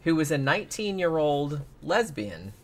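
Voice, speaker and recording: A man's voice: on the high side, very animated, moderate pace. A man hosting a casual true-crime podcast, rambling with lots of "like" and restarts. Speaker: podcast host.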